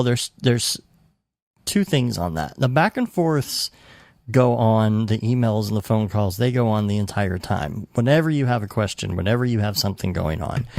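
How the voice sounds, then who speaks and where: This podcast co-host speaks in a lowish, gravelly voice with a darkish tone, chatting casually and rambling through lots of fillers and false starts. The sound is dry and clean, straight from a studio.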